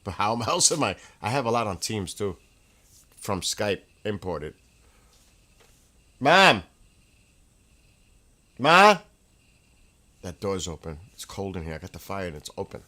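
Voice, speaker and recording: A man hosting his own livestream from a room at home, telling casual, rambling stories in an excitable way, with restarts and laughs. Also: deep voice, normal speed. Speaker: livestream host.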